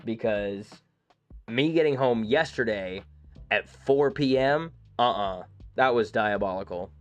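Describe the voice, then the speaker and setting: A man streaming a game, chatting casually and rambling through stories with quick asides. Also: fairly low pitch. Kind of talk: casual live-stream chat.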